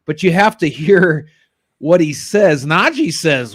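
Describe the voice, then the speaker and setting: A man hosting a sports talk show in casual, rambling chat. His voice sits a bit high for a man. He talks in an animated way and laughs easily. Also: a little slow. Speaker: podcast host.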